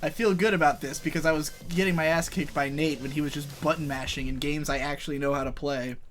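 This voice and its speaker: A man's voice: a little high, fairly even intonation, quick pace, a bit bright. A young man chatting casually while playing a fighting game, rambling and swearing, often laughing. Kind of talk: casual chat over gameplay.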